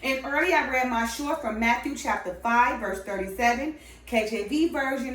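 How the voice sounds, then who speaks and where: A woman's voice: fairly high pitch, moderate pace, fairly bright tone. A woman giving a casual, sermon-style talk of Bible-based advice, emphatic and preachy, ending nearly every point with "right?". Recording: roomy sound, far from the mic.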